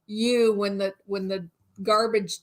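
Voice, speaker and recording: A woman's voice: medium pitch, slow pace. A woman co-hosting a casual livestream, telling a story with lots of laughter and reading out viewer comments. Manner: animated, laughs through the story. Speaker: channel co-host.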